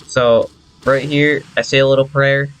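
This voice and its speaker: A man with a middle-pitched voice talks through his own speedrun replay in a relaxed, chatty way. He explains each choice as it comes and often corrects himself mid-sentence. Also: unhurried, smooth, faint music behind, rough recording. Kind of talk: casual game commentary over replay footage.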